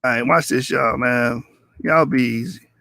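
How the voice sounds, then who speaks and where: A man's voice: mid-range voice, measured pace, vocal fry, bright, forceful tone, no room sound, studio quality. A man hosting a livestream debate in loose, casual talk, teasing viewers in the chat and laughing often. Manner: addresses viewers in the chat directly.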